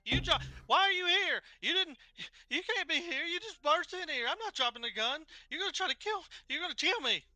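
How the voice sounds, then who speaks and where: A man's voice: very high voice, animated, fairly quick, hardly any pauses, sharp tone, dry recording, faint music behind, pitched above the performer's own voice, heavily acted. A man voicing a terrified woman clutching a revolver in her bed, who pleads frantically with intruders. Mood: frantic.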